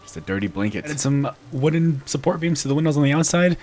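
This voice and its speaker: A man's voice: a little high, expressive, fast talker, darkish tone, soft background music. A man giving casual, playful commentary on his game building, with self-mocking jokes and giggly asides. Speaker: gaming video creator.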